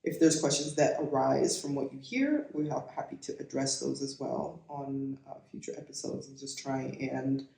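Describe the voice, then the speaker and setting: Animated woman in an echoey room. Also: a bass voice, moderate pace, gravelly, few pauses. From Kenya. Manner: animated, laughs often, trails off and restarts. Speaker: podcast co-host. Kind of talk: casual chat.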